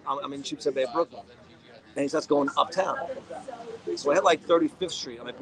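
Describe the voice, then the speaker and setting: A man's voice: a little high, fairly quick, crowd noise. A man in a casual chat, blunt and swearing as he tells stories.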